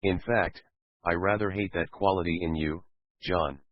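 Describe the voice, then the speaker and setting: A man's voice: low-pitched, fairly even intonation, measured pace, no echo. A man voicing a wry scientist who teases his colleague with mock praise. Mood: teasing. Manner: wry, teasing. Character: joking, ironic male scientist. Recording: dull lo-fi recording.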